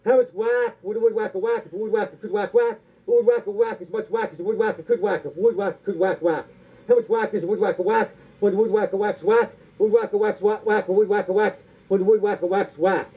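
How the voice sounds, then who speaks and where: A man's voice: high-pitched, steady tone, breathy edge. A man doing stand-up comedy, rattling off long tongue twisters and sounding out of breath. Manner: rapid tongue-twister patter with silly punchlines. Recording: tinny phone-like sound.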